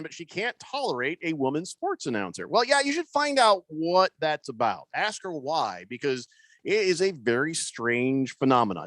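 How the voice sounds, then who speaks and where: Animated, wisecracking sports radio host. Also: male voice, on the high side, no echo. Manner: animated, wisecracking, reads listener comments aloud. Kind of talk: sports talk radio banter. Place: radio studio. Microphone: studio microphone.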